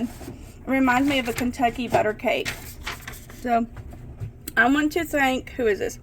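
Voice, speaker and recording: At normal speed and a slightly high pitch, a woman talks over a faint hiss or hum. Baking in her small home kitchen, this chatty vlogger gets excited easily and calls her viewers "guys" in a casual cooking demonstration.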